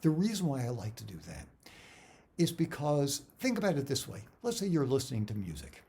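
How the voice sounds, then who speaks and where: A man's voice: medium pitch, wildly swooping pitch, fairly quick, dark tone, husky. A man, an actor and acting coach, speaking conversationally to camera and explaining auditions with examples. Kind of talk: instructional talk to camera.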